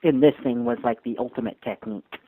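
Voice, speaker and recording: A man's voice: medium pitch, fast talker, no room sound, phone-quality sound. A young man co-hosting a casual podcast chat, talking loosely and hesitantly. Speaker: podcast co-host.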